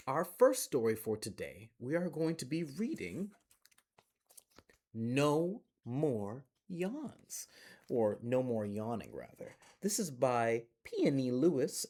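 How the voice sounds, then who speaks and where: Reading a bedtime picture book aloud for children, a man uses a soft, playful storyteller's voice that is medium in pitch and husky. He was recorded on a phone in a library after closing.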